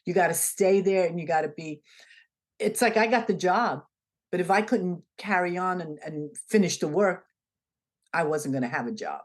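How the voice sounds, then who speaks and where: A woman's voice: on the low side, normal speed. A woman being interviewed, telling a story in a conversational way and acting out the dialogue as she goes. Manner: animated, acts out the dialogue in her stories. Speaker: interview guest.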